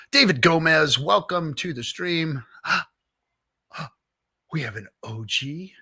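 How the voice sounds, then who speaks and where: A man hosting a live stream in a bright, forceful voice, cursing freely and ranting at his chat. The sound is close and dry, with no room echo. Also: medium pitch. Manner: profane, ranting, exasperated; greets chat viewers by name. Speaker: livestream host.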